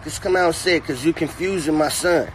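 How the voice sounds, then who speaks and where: A man's voice: fairly high pitch, a little fast, a little hiss or hum. Man ranting mockingly in a car. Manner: mocking, animated, repetitive. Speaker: comedic commentator. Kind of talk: profane comedic rant.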